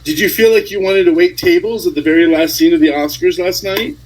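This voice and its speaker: A man's voice: high-pitched, fairly quick, a little mellow, rough recording. A man joining a casual chat, making wisecracks.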